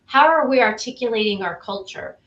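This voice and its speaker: A woman's voice: on the high side, animated, brisk, fairly bright tone, echoey room, dull audio. A woman guest, a CEO and author, talking through her ideas in an interview, articulate and emphatic, building her points in lists. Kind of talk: conversational interview.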